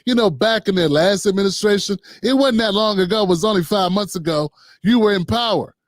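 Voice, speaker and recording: High-pitched sarcastic male commentator. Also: brisk, dry recording, studio quality. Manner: mocking, blunt, mimics people in put-on voices. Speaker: political commentary host.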